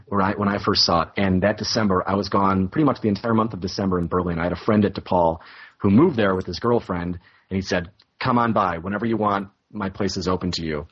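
A man's voice: lowish voice, slightly rough, dull audio. A man telling a long, rambling story on a podcast, casual and self-mocking, laughing at himself often. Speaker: podcast co-host.

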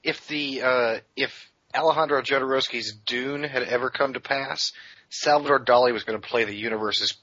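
A man in casual podcast chat, opinionated and animated as he tells stories. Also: mid-range voice, normal speed, no echo, highs cut off.

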